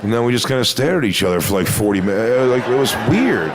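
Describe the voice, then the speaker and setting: A man performing a stand-up comedy set on stage, telling crude, swaggering stories and sometimes mocking people in high put-on voices. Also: big pitch swings, quick pace. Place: comedy stage before a live audience.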